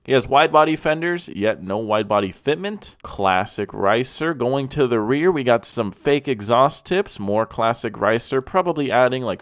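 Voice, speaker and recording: A man's voice: lowish voice, dry recording, studio quality. Blunt, mocking young man reviewing cars. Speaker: car reviewer host. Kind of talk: profane comedic car commentary.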